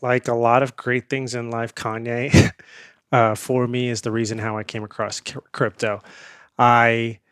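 A man who grew up in India, a guest on an interview, telling a lively anecdote in a casual way and laughing often. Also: medium pitch, unhurried, clean tone, no room sound, clean studio sound.

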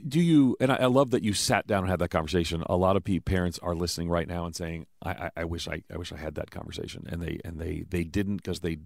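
A man hosts an interview, asking questions in a quick, enthusiastic way and adding personal asides. His voice is very deep and gravelly. The recording is close and dry, with no room sound. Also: no room sound. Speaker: interview host. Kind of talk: conversational interview.

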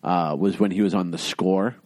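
A man with a low voice talks about films in a casual, rambling way and playfully sticks to his opinions. The recording is close and dry. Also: steady tone, normal speed, a little mellow, no room sound. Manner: playfully stubborn, rambling anecdotes. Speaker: podcast co-host.

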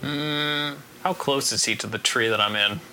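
A man's voice: medium pitch, normal speed, sharp tone, slight background noise. A man playing a tabletop game, playful and laughing as he declares his moves. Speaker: player. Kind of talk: casual chat at a tabletop game.

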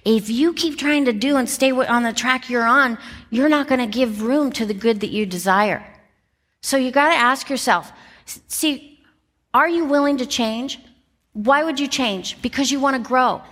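Middle aged woman telling her story on stage, keeps laughing, speeds up and slows down, big echoey hall. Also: sits high. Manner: animated, laughs often, shifts pace for emphasis. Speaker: motivational speaker. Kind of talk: storytelling keynote talk. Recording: long reverb from a large hall.

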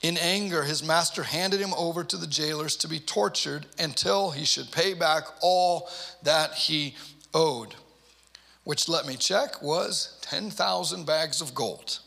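Guy pastor giving a sermon, chatty, bright punchy voice, lots of "and, and" restarts. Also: fairly high pitch, creaky. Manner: conversational, restarts with repeated words. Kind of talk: sermon with scripture reading.

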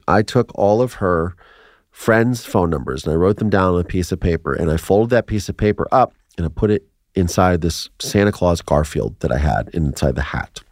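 A man in his forties from Ohio, telling his life story as a podcast guest in an animated way, acting out quotes and laughing between lines. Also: deep voice, no room sound, studio quality. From Ohio, USA.

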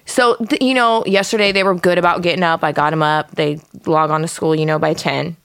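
A woman's voice: fairly low pitch, fairly even intonation, brisk, gravelly, a bit bright, clear, resonant tone, no room sound. A middle-aged woman co-hosting a podcast, telling stories in a laid-back, profane way. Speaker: podcast co-host. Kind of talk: casual chat.

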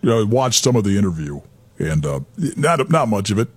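A male radio co-host tossing in offhand comments and agreeing along. His voice is mid-pitched and husky, and the sound is dry and close. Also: big pitch swings, a little fast, no echo. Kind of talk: casual radio talk.

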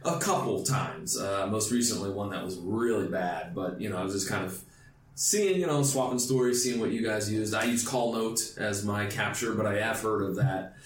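A man's voice: on the low side, moderate pace. A man hosting a podcast in casual chat, telling stories and acting out quotes. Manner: animated storyteller, acts out quotes. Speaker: podcast host. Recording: roomy and distant with faint noise.

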